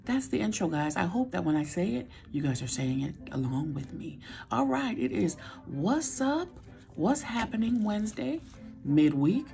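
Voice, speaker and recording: A woman's voice: medium pitch, very animated, moderate pace, gravelly, mellow, faint music behind. A middle-aged woman chatting casually to her viewers, playful and talkative, sometimes dropping to a whisper. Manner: chatty, playful, sings along, drops to a whisper now and then. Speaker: vlogger. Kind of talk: casual weekly chat to viewers.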